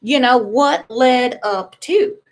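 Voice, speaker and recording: A woman hosting a true-crime channel, giving slow, measured commentary and lingering on sympathetic remarks. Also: fairly high pitch.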